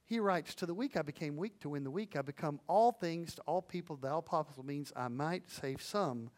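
A man preaching a sermon, earnest and animated, swinging between hushed and loud, with folksy storytelling and asides to the audience. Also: a little high, a little fast. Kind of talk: sermon on evangelism.

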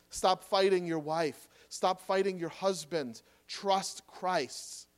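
A man preaching a sermon, pleading earnestly and swinging between loud urging and soft, quiet reassurance. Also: high-pitched, smooth. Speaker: pastor.

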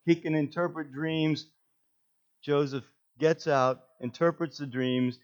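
A man preaching a sermon, telling the story with animated delivery and acted-out quotes. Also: medium pitch, muffled recording. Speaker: pastor.

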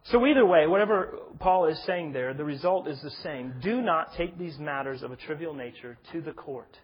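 A man's voice: a little high, moderate pace, breathy edge, dull audio. A man preaching an expository sermon, earnest and building to emphatic stress. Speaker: pastor.

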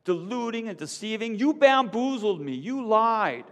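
A man putting on a shrill furious farm woman. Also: expressive, measured pace. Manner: shrill, shouting accusations. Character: frantic woman farmer betrayed and furious. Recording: long hall reverb.

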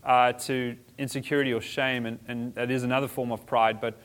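A man's voice: medium pitch, level tone, fairly quick, a bit bright, clean tone. A man teaching a church group in a conversational style, restarting phrases and adding humorous asides. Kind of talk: informal teaching talk.

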